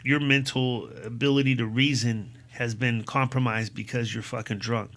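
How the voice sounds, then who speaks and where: A man with a bright, forceful voice co-hosts a podcast in casual chat. He is blunt and profane and keeps tossing in "dude" and "man". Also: mid-range voice, steady tone, normal speed. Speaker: podcast co-host.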